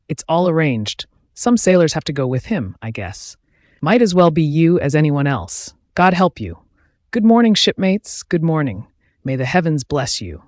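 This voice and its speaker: A man's voice: fairly high pitch, dry recording, clean studio sound. A man playing a raised, mocking old sailor prophet. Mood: ominous. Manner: cryptic, mocking, insistent. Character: shabby, scarred old sailor, ominous rambling prophet.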